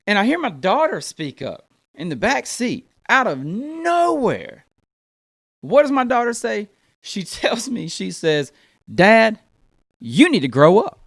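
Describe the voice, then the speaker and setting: American guy doing stand-up, high voice that jumps all over, dry close sound, keeps going "man" and "right". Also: measured pace, creaky, no room sound. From United States. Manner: animated, talks to the crowd, fills lines with man and right. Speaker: stand-up comedian. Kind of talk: stand-up comedy routine.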